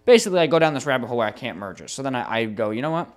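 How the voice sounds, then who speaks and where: A young adult man recounting a tech disaster on a casual podcast. He talks in an animated, exasperated way and swears freely as the story builds. His voice sits at an ordinary middle pitch. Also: racing. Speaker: podcast co-host.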